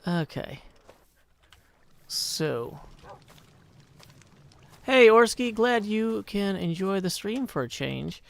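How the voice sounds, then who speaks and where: A man in his thirties hosts a casual live game stream, chatting wryly with viewers, reading chat aloud and muttering to himself as he plays. His high-pitched voice is expressive but very slow, with vocal fry and long pauses.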